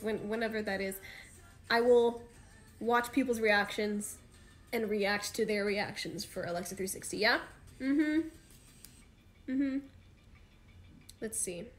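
High-voiced chatty woman streaming to fans. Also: a little slow, long pauses. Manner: chatty, rambling, slangy with frequent fillers. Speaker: idol livestream host. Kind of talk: casual livestream chat with fans.

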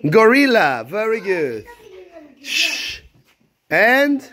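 A primary school teacher runs an animal-word game in class, praising each child and telling the children what to do. Her mid-range voice is animated and slow, with an encouraging manner.

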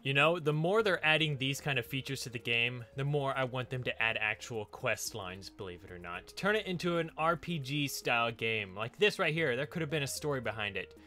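A man's voice: mid-range voice, expressive, fairly quick, few pauses, pushed and bright. A man hosting a let's play, chatting casually and laughing often while he explores and digs. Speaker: gaming channel host.

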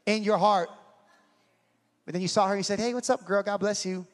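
A man preaching a sermon in an animated way, acting out scenes and swinging from shouting to a hush. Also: sits high, brisk. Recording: hall reverb.

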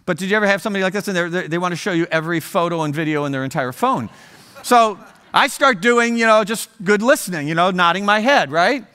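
In a church auditorium, a guest speaker from Ohio in his sixties tells a story within a funny sermon, tossing jokes to the crowd. He speaks fast and animated in a high, pushed, bright yet smooth voice.

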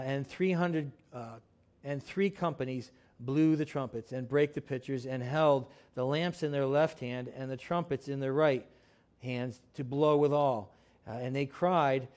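A man's voice: mid-range voice, a little mellow. A male pastor preaching a sermon, reading scripture aloud and then explaining it in a plain, conversational way with frequent fillers and restarts. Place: church sanctuary.

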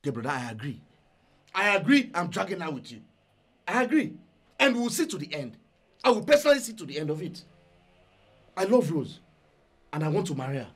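A defiant younger brother. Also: male voice, a little high, sing-song, brisk, pauses often, breathy edge, full character voice. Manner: firm, resolute.

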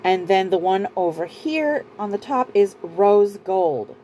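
A woman's voice: medium pitch, expressive, slow, warm tone, a little hiss or hum, poor audio. Chatty woman rambling through a haul. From Southern California. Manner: chatty, rambling, self-interrupting, laughs often. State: out of breath. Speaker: beauty vlogger. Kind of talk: casual haul video chat.

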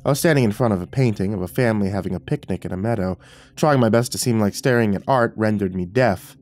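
A man narrating a scripted horror story in a measured storytelling way. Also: lowish voice, a little mellow.

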